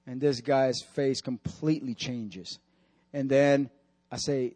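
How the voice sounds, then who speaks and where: A man preaching and telling a story in an animated way, acting out what was said and dropping to a hush for the serious parts. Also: mid-range voice, a little slow, no room sound. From Dominican Republic. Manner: animated, acts out quotes with dramatic drops to a hush. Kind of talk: sermon storytelling.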